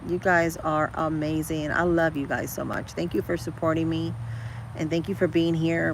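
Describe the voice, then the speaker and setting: Woman, gravelly voice, casual live chat, rambling, talks to viewers as girl and guys. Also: sits low, level tone, moderate pace, a little hiss or hum, low-quality recording. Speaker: livestream host chatting with viewers.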